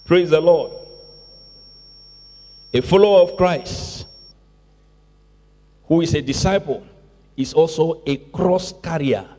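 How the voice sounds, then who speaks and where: A man's voice: fairly high pitch, slow pace, pauses often, mellow. A man preaching a sermon as pastor to his congregation, stressing key words and repeating phrases with call-outs to the room. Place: church sanctuary. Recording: long church reverb.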